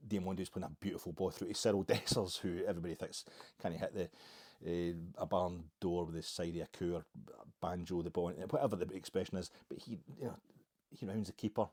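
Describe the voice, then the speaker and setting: Low, fast, husky Scottish man. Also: dark tone. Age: older. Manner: wry, sarcastic, rambling with self-mocking asides. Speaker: podcast host. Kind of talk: casual football podcast monologue.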